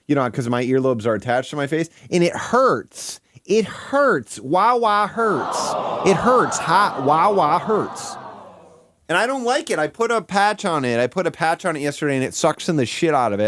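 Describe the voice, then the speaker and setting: A man from Michigan chatting casually on a live stream, goofy and crude, rambling with giggles and sudden high yelps. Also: sing-song, a little fast, few pauses, dry recording.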